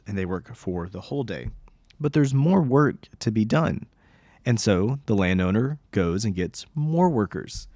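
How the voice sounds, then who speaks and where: A young man with a hoarse voice, hosting a solo podcast that teaches on scripture in an earnest, explanatory way. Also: lowish voice, darkish tone, dry recording. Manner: earnest, explanatory, with some fillers. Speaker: podcast host.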